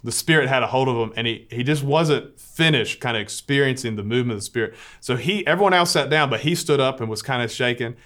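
A man's voice: mid-range voice, fast, hardly any pauses, fairly bright tone. A Catholic priest telling a personal story to listeners in an earnest way, often restarting as he searches for words.

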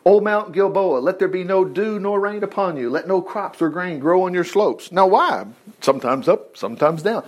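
A man's voice: high voice, moderate pace, few pauses. A man teaching from the Bible, reading passages aloud and breaking in with exclamations of praise. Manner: expressive, reads scripture aloud and comments with exclamations. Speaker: preacher.

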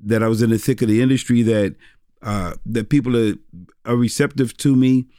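A middle-aged man who is a pastor tells stories in an easygoing interview. He rambles with many fillers and restarts in a mid-pitched voice. The sound is dry and close. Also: steady tone, a little fast, dark tone, no echo. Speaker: pastor and former rapper. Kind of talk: casual interview storytelling.

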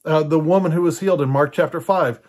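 A man's voice: a little high, fast, darkish tone. Older male preacher, casual storytelling delivery, loose and full of fillers. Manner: conversational, storytelling with many fillers and restarts. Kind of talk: personal teaching talk.

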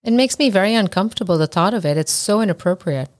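A woman's voice: medium pitch, animated, quick pace. A woman who hosts a podcast and is a physician, talking frankly and emphatically in a casual conversation.

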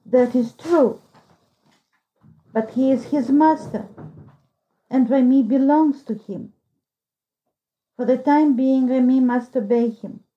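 A woman voicing a kindly, sad noblewoman who speaks softly. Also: high voice, slow pace, pauses often, muffled recording. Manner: soft, sorrowful.

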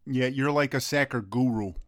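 Brief: brash wisecracking man, mid pitch, dry close mic. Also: moderate pace, no room sound. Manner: blunt, teasing, swears freely, street-tough talk. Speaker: friend of the coach. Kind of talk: comedic sketch dialogue.

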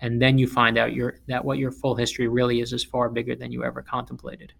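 A man who is an author, from South Florida, telling stories in an interview in an emphatic, animated way. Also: mid-range voice, quick pace, gravelly, background noise. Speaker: author and guest speaker. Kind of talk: interview storytelling.

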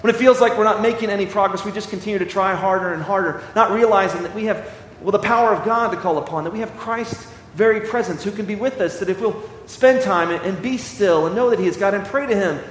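A man preaching a sermon as pastor, reading scripture slowly and with emphasis. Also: high-pitched, a little hiss or hum. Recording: echoey hall, slight ambience.

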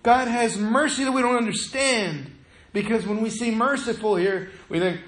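A man preaching a sermon as pastor, animated, swinging from loud to hushed. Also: high-pitched, normal speed. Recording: echoey room, faint noise.

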